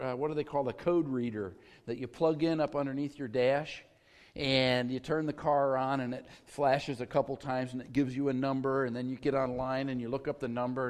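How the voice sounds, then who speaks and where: A man's voice: mid-range voice, a little mellow. A middle-aged man preaching a sermon as a pastor, with a conversational, folksy storytelling manner and touches of humor. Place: church sanctuary. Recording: long church reverb.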